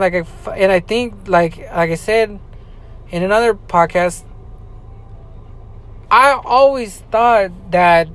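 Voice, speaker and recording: A man on a podcast, venting in an angry personal monologue, swearing constantly and repeating himself between halting fillers. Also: high-pitched, fairly bright tone. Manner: profane, ranting, repetitive.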